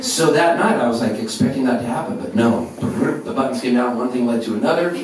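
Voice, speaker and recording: A man in his fifties, a folk singer telling an animated, self-mocking story to a live audience between songs. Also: mid-range voice, fast talker, a little hiss or hum. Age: 50s. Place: live music venue. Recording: very echoey live room, distant recorder, guitar. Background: guitar.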